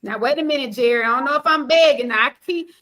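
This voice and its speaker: Bright high-voiced sassy woman host. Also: quick pace. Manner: animated, sassy, preachy asides. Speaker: podcast host. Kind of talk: casual panel chat.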